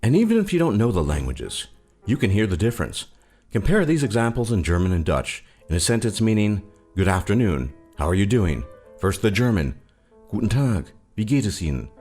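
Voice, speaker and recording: A man with a low voice reads scripted narration, and his pitch rises and falls a lot as he goes. He keeps a wry, joking tone, and soft music plays quietly behind him. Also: big pitch swings, brisk. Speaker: narrator of a list video.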